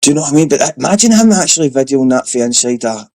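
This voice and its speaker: Laughing sweary co-host. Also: male voice, mid-range voice, expressive, rapid-fire, a little mellow, no echo. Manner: laughing, sweary, says bro and aye. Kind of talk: casual chat.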